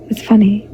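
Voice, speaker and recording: A woman livestreaming in a loose, rambling way, greeting her viewers and fighting a hoarse, fading voice. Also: medium pitch, dark tone. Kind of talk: casual livestream chat. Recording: dull lo-fi stream audio with faint noise.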